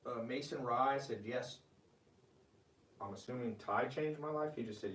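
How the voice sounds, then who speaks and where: A man's voice: medium pitch, unhurried, fairly bright tone, roomy sound, recorded from a distance. A man hosting a live-streamed money advice talk. He talks with energy and reads viewer comments aloud. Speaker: host.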